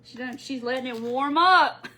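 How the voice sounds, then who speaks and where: A chatty woman with a high, bright voice. She hosts a casual craft livestream from home, laughing often and answering viewers by name as she works. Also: normal speed, a little hiss or hum, low-quality recording. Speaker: craft tutorial host.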